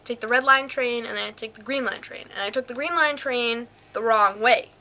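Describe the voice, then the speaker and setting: A young woman vlogs casually on a handheld flip cam, her voice a little high, a little fast, bright and pushed. She rambles, full of "like," "um," and other fillers.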